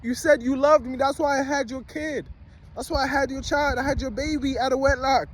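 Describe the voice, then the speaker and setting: A man's voice: very high-pitched, fairly even intonation, fairly quick, voice pushed up. A young man putting on the voice of a hurt, tearful young woman who pleads with her partner. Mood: pleading, hurt.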